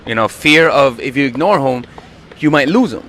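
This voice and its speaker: A man's voice: mid-range voice, expressive, moderate pace, fairly bright tone. A young man coaching on dating, blunt and profane, acting out quoted lines. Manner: profane, emphatic, acts out quotes. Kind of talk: blunt dating advice monologue.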